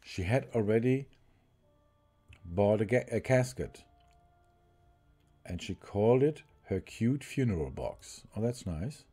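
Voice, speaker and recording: A man streaming a story game live, reading its text aloud haltingly, restarting lines and chatting with his viewers in between. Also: on the low side, expressive, mellow, breathy edge.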